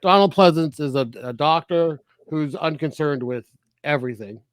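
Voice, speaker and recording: Laughing, animated man reviewing films. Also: on the high side, moderate pace, no room sound, clean studio sound. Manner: laughs often, animated and profane. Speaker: podcast co-host. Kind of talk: casual film review chat.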